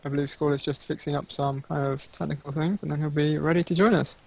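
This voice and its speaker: A man hosting a casual online game cast, quick and polite, full of fillers and restarts, heard over a voice call. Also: on the high side, steady tone, gravelly, slightly rough, dry recording. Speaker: shoutcaster host. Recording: muffled lo-fi voice call.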